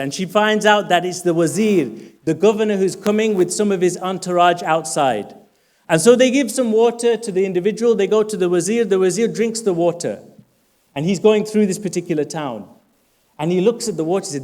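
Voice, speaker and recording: A man gives a sermon in a lecture hall with a fairly high voice. He tells a story and drops in fluent Arabic phrases along the way. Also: moderate pace, a little mellow. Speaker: preacher.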